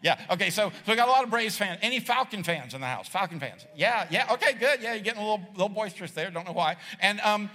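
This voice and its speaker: Guy preaching, high bright voice, jokey and animated, big echoey church hall. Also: quick pace, few pauses. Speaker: pastor. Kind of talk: casual conversational sermon. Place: large church hall with audience. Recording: long hall reverb.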